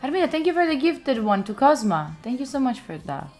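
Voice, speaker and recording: This young adult from Italy has a high, sing-song voice with a darkish tone and a brisk pace, and faint music plays behind her. Speaking with an Italian accent, she banters with viewers on a study live stream, chatty, playful, mock-indignant and full of fillers.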